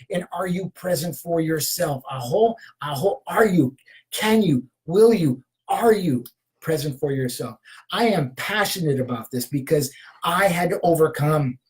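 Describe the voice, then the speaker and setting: A man in his fifties, a shamanic healer, giving a spiritual motivational talk. He repeats searching questions and punctuates them with a soft "aho", sometimes dropping to a whisper and at other times rising into passionate, emphatic affirmations. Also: high-pitched, rough recording. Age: 50s.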